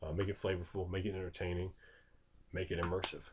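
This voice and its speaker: Animated man giving game master advice. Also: sits low, husky. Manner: animated and conversational, acts out quick voices for players; loose and repetitive, with sound-effect words. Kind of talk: casual unscripted advice monologue.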